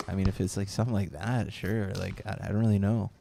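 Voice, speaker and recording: A man's voice: deep voice, fairly even intonation, quick pace, gravelly, mellow, a little hiss or hum. A man casually chatting with live viewers while playing a BMX video game, rambling and reading the chat aloud.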